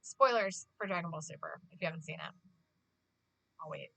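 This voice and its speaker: A young woman livestreamer chatting casually with her viewers, gushing and fast, with lots of "like". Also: sits low, vocal fry, a bit bright, no echo. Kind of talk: casual chat to stream viewers.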